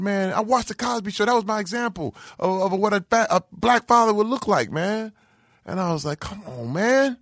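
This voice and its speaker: A man from Flint, Michigan, telling lively stories as a guest, often acting out what people said. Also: sits high, creaky, dry recording, studio quality. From Flint, Michigan, USA. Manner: animated, acts out quoted voices. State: emotional. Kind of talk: casual interview storytelling.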